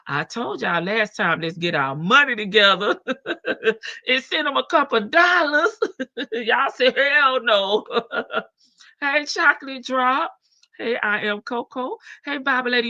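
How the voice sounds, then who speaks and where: A woman's voice: a little high, bright, forceful tone, dry recording, lo-fi sound. A woman hosting a casual livestream, greeting chat members by name in a slangy, playful way. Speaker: livestream host.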